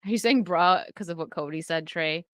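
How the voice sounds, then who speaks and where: A woman's voice: on the low side, a little fast, no echo. A young adult woman casually chatting on a live stream, reading and answering viewer comments with lots of fillers.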